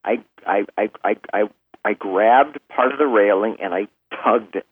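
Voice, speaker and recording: A male voice actor, a guest on a show, telling lively anecdotes and acting out quotes, heard over a phone line. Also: on the low side, normal speed, breathy edge, no echo. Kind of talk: casual storytelling on a call-in interview.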